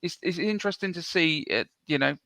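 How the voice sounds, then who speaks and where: A man co-hosting a sports podcast in casual chat, rambling with many ums and restarts, blunt and quick to swear. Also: on the high side, vocal fry, pushed and bright, no room sound. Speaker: co-host.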